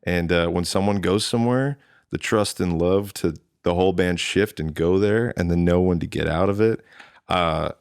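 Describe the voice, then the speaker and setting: A man in his thirties with a low voice tells road stories in a relaxed interview. He jumps into other people's voices when he quotes them. The sound is dry and close. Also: normal speed, vocal fry, smooth, no echo. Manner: animated, quotes himself and others in lively voices. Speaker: drummer, interview guest. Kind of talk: casual storytelling chat.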